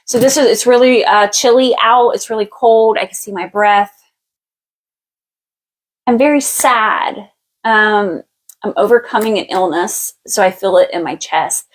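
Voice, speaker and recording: Woman doing a live psychic reading, mid pitch, kinda halting, lots of like and um, laid back. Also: low-quality recording. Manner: thinks aloud in a halting way, with many fillers and restarts; relaxed and chatty, laughs easily. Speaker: psychic medium giving a past-life reading. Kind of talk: live-stream spiritual reading.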